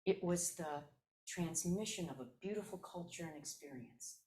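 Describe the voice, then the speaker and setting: A woman's voice: lowish voice, lively intonation, normal speed, darkish tone. A woman in her seventies from Chicago's South Side, a Zen teacher giving a dharma talk as personal storytelling and repeating her key phrases. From South Side of Chicago, USA. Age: 70s.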